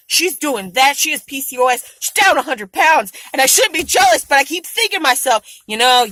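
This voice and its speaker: Bright-voiced woman ranting profanely. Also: no room sound, low-quality recording. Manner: frank, heavily profane venting; animated, rising to high exasperation. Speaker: vlogger. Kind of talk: casual vlog rant to camera.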